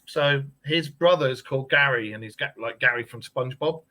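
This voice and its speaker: A man's voice: mid-range voice, moderate pace, hardly any pauses, pushed and bright, poor audio. A middle-aged man from England chatting as a guest, telling jokey anecdotes and slipping into voices. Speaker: guest, paranormal investigator and podcaster. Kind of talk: casual chat.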